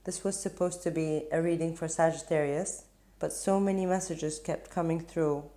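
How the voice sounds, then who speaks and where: A woman hosting a tarot reading channel, talking casually and rambling, with restarts and soft laughs. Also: sits low, steady tone, moderate pace. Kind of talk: casual spiritual talk to camera.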